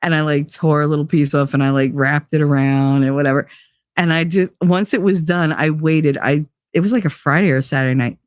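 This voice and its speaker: A woman's voice: low voice, fairly quick, smooth, no room sound, clean studio sound. A woman host telling a story in a casual monologue, blunt and profane, with lots of "like". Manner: blunt and profane, heavy use of "like". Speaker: podcast host.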